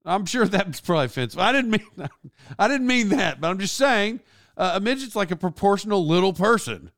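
A middle-aged man hosting a podcast, telling a rambling story in an animated way and often correcting himself. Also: high voice, a little fast, no room sound, studio quality. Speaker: podcast host. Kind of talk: casual storytelling.

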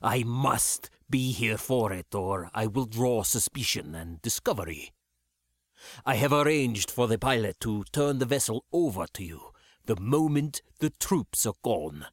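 A man voicing an older commissioner, a weary, grieving father who speaks slowly and heavily. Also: mid-range voice, expressive, dry recording, studio quality. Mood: pleading. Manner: slow, heavy, pleading.

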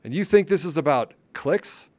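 A man's voice: on the high side, expressive, normal speed, darkish tone. A man hosting a podcast, delivering impassioned political commentary with emphatic, repeated phrases. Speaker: podcast host.

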